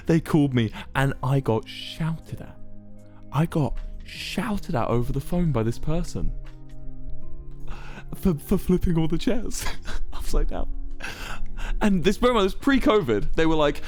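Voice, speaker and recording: A man's voice: on the high side, animated, unhurried, pauses often, soft background music. A young man, a streamer telling rambling, self-amused stories to his chat. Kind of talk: casual storytelling to chat.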